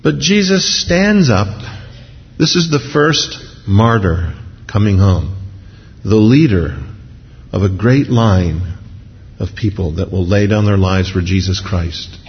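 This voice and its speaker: A man preaching a sermon, telling the story in a lively way and acting out what people in it say. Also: on the low side, slow. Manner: animated storytelling, acting out crowd voices. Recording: dull sound in a large reverberant hall.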